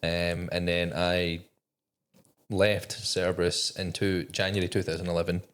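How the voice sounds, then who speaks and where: Deep-voiced Scottish man, Australian-tinged. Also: little pitch movement, a little slow, fairly bright tone, smooth. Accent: Scottish, softened by Australian. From Scotland. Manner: swears freely, laughs often, rambling. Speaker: podcast guest, navy veteran. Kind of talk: casual chat.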